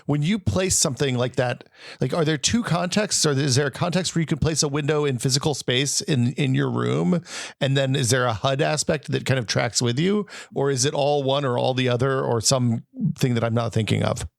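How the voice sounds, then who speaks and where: A man's voice: medium pitch, fairly quick, vocal fry, no echo, clean studio sound. A middle-aged man hosting a podcast, curious and asking questions in casual chat. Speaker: podcast host.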